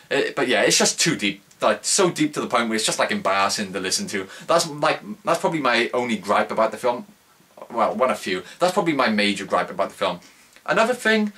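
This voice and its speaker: Rambling young man with a bright voice. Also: medium pitch. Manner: rambling, full of "like" fillers and restarts. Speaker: movie reviewer. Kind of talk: casual spoken movie review.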